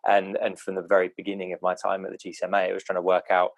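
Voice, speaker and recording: Deep, fast-talking man on a podcast. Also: completely flat delivery, vocal fry, no echo. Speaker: podcast guest. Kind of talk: casual podcast chat.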